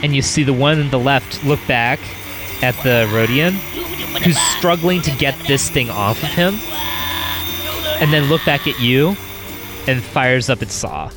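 A man narrating as game master of a tabletop role-playing game in a measured, descriptive way. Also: mid-range voice, over music.

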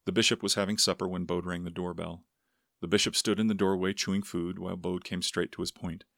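A man narrating a story aloud in a steady, unhurried manner. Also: low-pitched, gravelly, no echo, studio quality. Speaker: audiobook narrator. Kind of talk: scripted narration.

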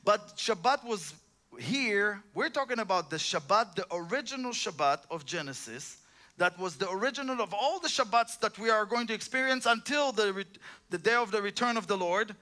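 A man preaching in a very high, sharp, bright voice. He talks in an impassioned, rambling way, full of restarts and personal asides. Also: expressive, normal speed. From Israel. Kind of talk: informal sermon.

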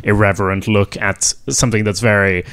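A lower-voiced man on a film podcast with a dry, sarcastic wit. He talks casually and drifts between hesitant fillers and quick remarks. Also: fairly even intonation, fairly bright tone, clear, resonant tone. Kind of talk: casual chat.

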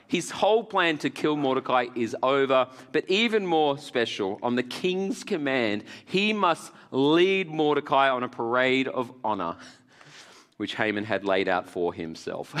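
A male pastor preaching a sermon to a live audience in an animated, joking way, laughing often. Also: mid-range voice, unhurried. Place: large hall with audience. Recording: long hall reverb.

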